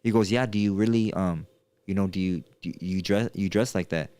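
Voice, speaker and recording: A man in his thirties hosting a podcast, telling a story in casual chat and acting out quotes with a higher voice. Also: fairly quick, mellow, smooth, no echo. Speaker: podcast host.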